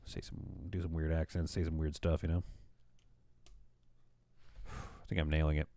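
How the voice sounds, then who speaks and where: A man's voice: extremely low pitch, level tone, normal speed, dark tone, no room sound. A man in his thirties chatting casually on a live stream as he builds, rambling in a stream-of-consciousness way.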